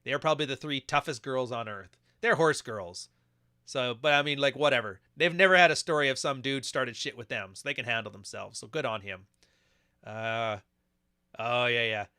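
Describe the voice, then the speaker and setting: A man's voice: mid-range voice, normal speed, pushed and bright, clean tone. A man hosting a podcast, giving crude, joking commentary on video clips and laughing often. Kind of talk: casual reaction commentary.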